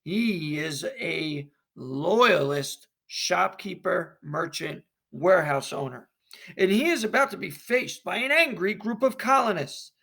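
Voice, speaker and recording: A man's voice: sits high, animated, slow pace, gravelly, pushed and bright. A man teaching a history lesson, who narrates a short classroom play and then explains a worksheet.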